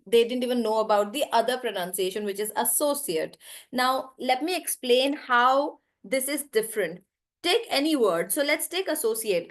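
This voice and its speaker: A woman teaching English pronunciation in an online class, explaining patiently, stretching stressed syllables to demonstrate and calling on students by name. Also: a little high. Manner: calls on students by name, asks "right?".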